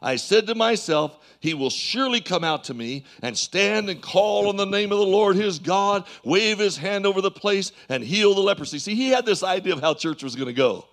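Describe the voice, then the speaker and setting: A male pastor preaching a sermon in a church, swinging from loud calls to low asides and calling for amens. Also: expressive, moderate pace, few pauses.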